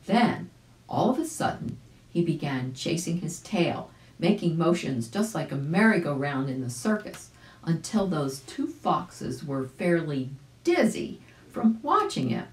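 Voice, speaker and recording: A woman reads a children's storybook aloud in a gentle, unhurried way. Her voice sits low and slow. An echoey room carries it. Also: very animated. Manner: gentle, storybook reading with small asides. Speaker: volunteer story reader. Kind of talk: audiobook read-aloud for children.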